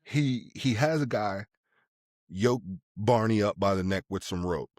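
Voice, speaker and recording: A man's voice: on the low side, expressive, unhurried, a little mellow, dry recording, clean studio sound. A man casually recapping an action movie as podcast co-host, playful and jokey.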